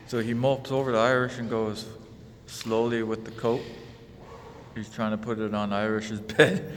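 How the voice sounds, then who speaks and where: A man's voice: lowish voice, a little fast, in a large hall, a little hiss or hum. A man telling an exasperated, casual story in his vlog. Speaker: vlogger.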